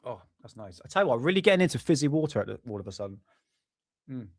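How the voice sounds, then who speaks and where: A man's voice: mid-range voice, big pitch swings, fast talker, no echo, clean studio sound. A man casually chatting as host of a live stream, laughing along with viewer comments. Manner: chatty, laughs at viewer comments, drifts back to his notes.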